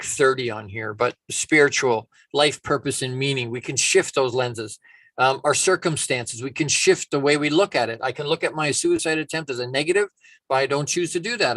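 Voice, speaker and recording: Guy doing a motivational talk, middle pitch, super dry mic, tells stories and does little voices. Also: dry recording. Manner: animated storyteller, acting out quotes. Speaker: motivational speaker.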